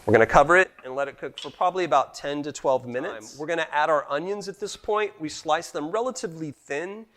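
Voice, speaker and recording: A man's voice: a little high, a little fast, hardly any pauses, a crowd in the background. A man cooking on camera as a guest cook, chatty and explaining each step while calling the viewers "guys". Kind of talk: cooking demonstration.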